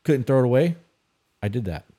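A man's voice: medium pitch, expressive, a little fast, mellow. Blunt, profane man co-hosting a podcast. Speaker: podcast co-host. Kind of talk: casual advice talk.

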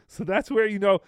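A man's voice: high-pitched, clean tone, no room sound, studio quality. A man hosting a podcast, commenting on stream clips with sarcasm and frequent laughter. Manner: amused, sarcastic, laughing often. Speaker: podcast host reacting to clips. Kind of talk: casual commentary.

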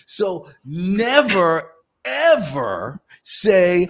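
A man's voice: a little high, unhurried. A man, a sales coach talking animatedly and acting out phone calls in a guest interview. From Southern United States. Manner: lively, acts out phone calls in different voices.

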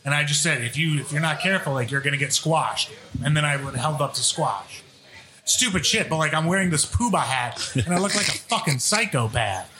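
Bright, swearing man telling stories. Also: on the high side, lively intonation, fairly quick. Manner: swears a lot, laughs while telling stories. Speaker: guest, former wrestler. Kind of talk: casual chat.

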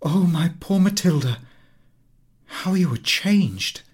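A man reading a story, voicing an astonished, genteel young Parisian lady with breathy, startled exclamations. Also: a little high, takes it slowly, pitched above the performer's own voice.

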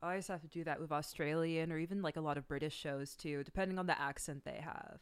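Female co-host, casual chat, easygoing and slangy, lowish voice, dry mic. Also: fairly even intonation, fast talker, smooth, no room sound. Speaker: podcast co-host.

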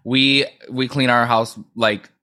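A man co-hosting a podcast, chatting in a sassy, campy, animated way. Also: mid-range voice, takes it slowly. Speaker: podcast co-host. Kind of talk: casual chat.

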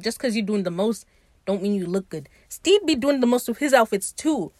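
A young woman hosting a podcast, recapping a TV episode in an animated, profane, teasing way. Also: medium pitch, no echo. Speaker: podcast host.

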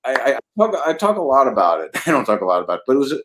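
Older man telling lively showbiz stories. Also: medium pitch, rapid-fire. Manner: animated storyteller, laughs often, acts out quotes. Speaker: comedy writer, guest. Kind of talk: casual anecdotal chat.

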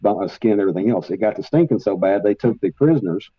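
A man telling travel stories as a guest paranormal investigator, rambling and animated, with many fillers. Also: on the low side, quick pace, slightly rough, dry recording, lo-fi sound. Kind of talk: casual storytelling in a podcast interview.

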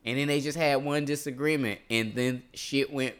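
A man's voice: mid-range voice, steady tone, normal speed, a bit bright, clear, resonant tone. A man co-hosting a casual podcast chat, joking, swearing and laughing often. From North Carolina. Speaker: podcast co-host.

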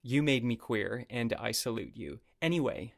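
A man's voice: medium pitch, lively intonation, gravelly. Chatty man hosting a podcast. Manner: chatty, jokey, quick asides. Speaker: podcast host. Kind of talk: casual interview chat. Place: home basement.

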